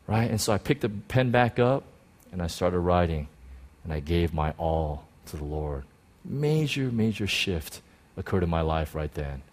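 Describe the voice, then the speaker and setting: A man preaching a sermon, telling a personal story in an excited, animated way with many restarts. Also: low voice, a little slow.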